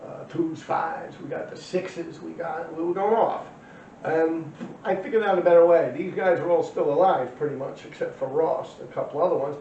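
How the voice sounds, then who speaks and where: A man's voice: a little high, moderate pace, gravelly, mellow, slight background noise. A man telling old stories in a loose, rambling way, swearing bluntly and full of slang. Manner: loose and rambling, many fillers. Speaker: former graffiti writer telling his story. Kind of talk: casual storytelling monologue. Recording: dull, roomy, distant recording.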